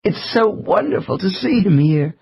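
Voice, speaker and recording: A man voicing an emotional woman under hypnosis, tearful and joyful, whose breathless voice rises into high excited cries. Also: moderate pace, creaky, muffled recording, a little hiss or hum. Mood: overjoyed.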